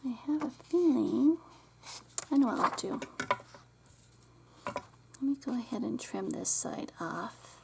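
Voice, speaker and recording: Middle-aged lady doing a craft tutorial, kinda high voice, rambly, talks to herself while she works. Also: lively intonation, slow, gravelly, pauses often, warm tone, a little hiss or hum.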